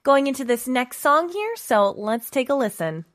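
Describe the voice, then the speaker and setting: A woman's voice: high-pitched, big pitch swings, moderate pace, heavy background noise. A young woman co-hosting a radio show in a studio, chatting casually and laughing often as she stumbles over song lyrics.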